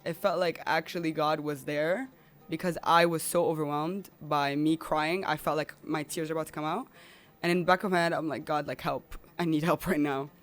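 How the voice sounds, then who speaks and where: A woman's voice: deep voice, fairly even intonation, moderate pace. A woman guest on a podcast telling a personal story in an emotional, rambling way.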